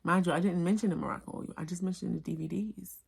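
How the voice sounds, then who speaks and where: A woman tells a storytime in a low, gravelly voice. She talks in animated, slangy bursts full of cussing. She tells it loose and casual to her camera. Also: fast talker, heavy background noise. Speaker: vlogger. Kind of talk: storytime vlog.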